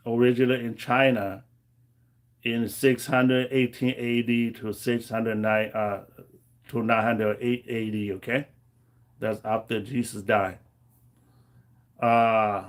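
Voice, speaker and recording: A man, rambling through a casual livestream chat with many fillers. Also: mid-range voice. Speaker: livestream host.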